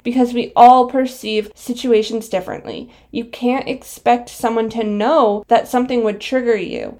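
Young woman, slightly high voice, breathless, earnest reflective vlog chat. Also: a little mellow. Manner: reflective, earnest, explaining step by step. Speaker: vlogger. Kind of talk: casual commentary.

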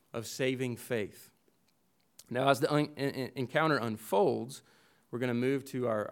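Earnest man preaching an expository sermon. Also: mid-range voice. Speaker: pastor.

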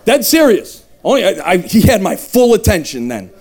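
A man in his thirties giving an emphatic, humorous testimony sermon, shouting at the high points. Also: big pitch swings, normal speed, gravelly, hardly any pauses, breathy edge. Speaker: evangelist. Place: revival tent.

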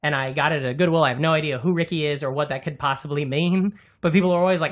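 A man's voice: a little high, fairly even intonation, quick pace, few pauses, a bit bright. Jokey rambling male podcast host. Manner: jokey, rambling, swears freely. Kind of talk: casual podcast chat.

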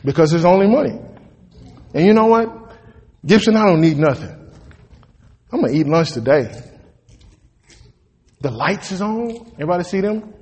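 A man preaching a sermon in a church, folksy and emphatic, with sudden loud peaks. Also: sits high, expressive, moderate pace, pauses often, husky. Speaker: pastor. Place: church sanctuary. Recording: long reverb of a church hall.

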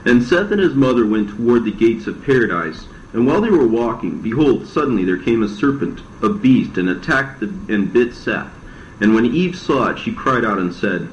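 A man reading an old religious text aloud as scripted narration, plain and steady, in a roomy, dull recording. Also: medium pitch, normal speed, slight background noise. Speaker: reader.

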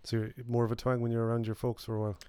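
A man's voice: mid-range voice, monotone, very fast, warm tone, clean tone, dry recording, clean studio sound. An Irish man with a Mayo accent, co-hosting a casual podcast chat in an easygoing, agreeable way with plenty of fillers. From Ireland. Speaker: podcast co-host.

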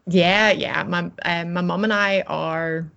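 A woman's voice: fairly low pitch, steady tone, slow, vocal fry, fairly bright tone. A woman being interviewed, talking cheerfully and chattily about her business and her plans, often laughing. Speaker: interview guest, coach. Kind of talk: casual interview chat. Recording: slightly dull audio.

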